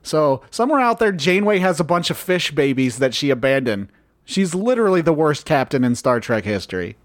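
A man's voice: on the high side, very animated, brisk, no room sound, clean studio sound. A young adult man co-hosting a podcast in casual chat, with crude, joking banter. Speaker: podcast co-host.

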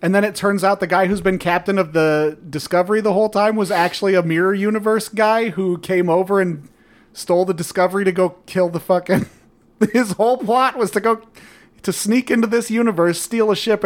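A man with a high-pitched voice co-hosts a podcast in casual chat. His retelling is animated, sarcastic and full of swearing. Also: a little fast. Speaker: podcast co-host.

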